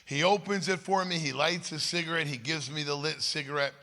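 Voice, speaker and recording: A man's voice: a little high, fairly even intonation, brisk, sharp tone. A man speaking at a church conference, telling his own story in an emphatic, conversational way and often checking in with the crowd. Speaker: guest speaker. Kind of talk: personal story told from a stage. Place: large hall at a church conference. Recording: long reverb of a large hall.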